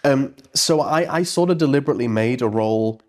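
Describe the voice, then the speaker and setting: A man's voice: medium pitch, a little fast. Earnest man. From Merseyside, England. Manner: earnest, reflective, many restarts. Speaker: stage actor, interview guest. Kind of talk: casual interview.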